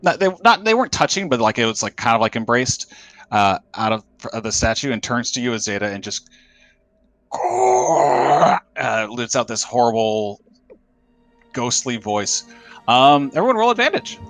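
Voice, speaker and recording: A man narrating as dungeon master in a tabletop game, halting and full of fillers. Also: medium pitch, expressive, a bit bright, no echo, faint music behind.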